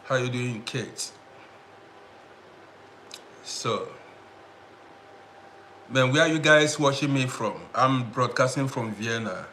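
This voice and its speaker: A man chatting casually on his own live stream, his voice bright and forceful. He greets viewers one by one and circles back over the same points, with a faint hiss of noise underneath. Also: mid-range voice, takes it slowly, pauses often. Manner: greets viewers by name, repeats himself. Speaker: livestream host.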